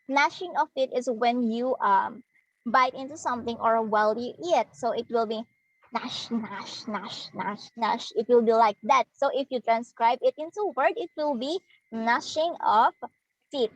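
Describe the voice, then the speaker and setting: A woman's voice: a little high, moderate pace, low-quality recording. A young woman giving a demo lesson, explaining step by step and acting out sounds as examples. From Philippines. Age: young adult. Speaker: student teacher. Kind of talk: demo lesson on figures of speech.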